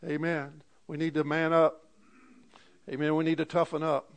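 Impassioned preaching man, high-pitched. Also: little pitch movement, normal speed. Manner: impassioned preaching with frequent amens, swings loud and soft. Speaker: pastor. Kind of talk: sermon.

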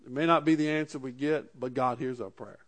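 A man's voice: medium pitch, steady tone, a little fast, a bit bright. A pastor preaching a sermon, reading scripture aloud and then driving his points home with rising emphasis.

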